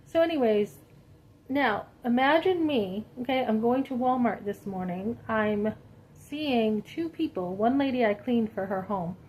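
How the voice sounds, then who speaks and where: A woman vlogger telling a personal story to her viewers in an animated, indignant, chatty way. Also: on the high side, slight background noise, rough recording. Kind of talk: casual storytelling to camera.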